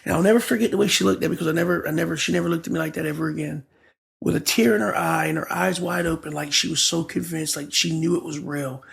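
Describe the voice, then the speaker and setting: Gravelly-voiced man telling his life story. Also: a little high, fairly even intonation, fast talker, fairly bright tone. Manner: vivid storyteller who acts out the dialogue. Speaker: guest pastor. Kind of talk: emotional personal storytelling.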